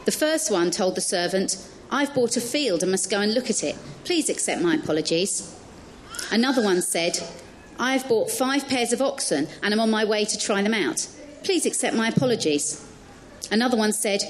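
A woman's voice: fairly high pitch, slight background noise. Woman reading scripture in church. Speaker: scripture reader. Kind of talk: reading scripture aloud in a service.

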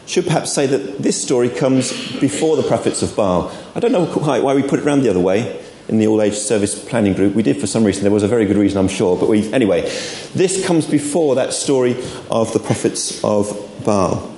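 Man, preacher, lively intonation, mellow tone, echoey church hall, faint room noise. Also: fairly low pitch, fairly quick, hardly any pauses. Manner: chatty and informal, with asides to the congregation. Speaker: preacher at an all-age church service. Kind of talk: sermon.

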